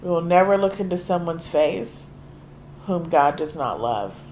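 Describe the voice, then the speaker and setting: A hoarse woman preaching a sermon, speaking earnestly and casually and reading scripture aloud with emphasis. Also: fairly low pitch, lively intonation, unhurried, darkish tone, slight background noise. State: hoarse from allergies.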